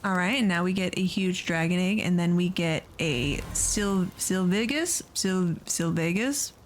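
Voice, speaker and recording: A woman's voice: on the low side, fairly even intonation, measured pace, a little hiss or hum. A woman hosting a let's play video, giving casual, chatty gameplay commentary and gushing over the creatures she raises.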